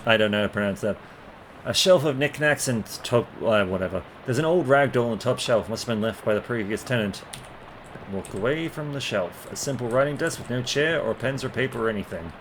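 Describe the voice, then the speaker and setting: A man's voice: mid-range voice, normal speed, a bit bright, slight background noise. A man playing a game and reading its text aloud, stumbling over words now and then. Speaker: gameplay commentator. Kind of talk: casual let's play commentary.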